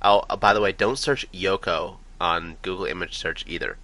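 A man's voice: deep voice, steady tone, normal speed, sharp tone. A man co-hosting a podcast, playful and teasing, often bursting into laughter. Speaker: podcast co-host. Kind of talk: casual chat.

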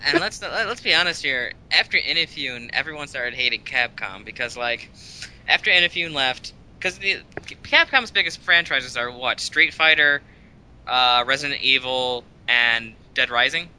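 A man's voice: mid-range voice, animated, moderate pace, pushed and bright, clear, resonant tone, low-quality recording. An American man co-hosting a casual gaming podcast, chatty and laughing often, trailing off mid-sentence. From United States. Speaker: podcast co-host.

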